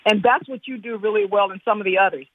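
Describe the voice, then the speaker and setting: A woman's voice: mid-range voice, fast. A woman calling in to a radio show, earnestly praising the host. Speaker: radio caller. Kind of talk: phone-in call. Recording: tinny phone line.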